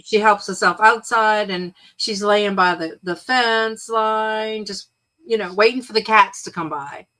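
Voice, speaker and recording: A woman's voice: medium pitch, measured pace. A woman co-hosting a casual live chat, telling easygoing stories about her dogs. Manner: easygoing, chatty storytelling with soft laughs. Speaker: co-host of a live chat show.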